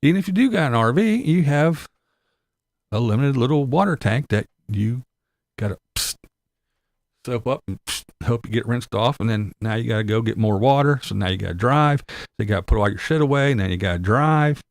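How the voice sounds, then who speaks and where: A man's voice: medium pitch, animated, fairly quick, no room sound. A man talking in a rambling, sarcastic, casual way, swearing a lot as he complains. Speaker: vlogger. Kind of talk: casual profane chat.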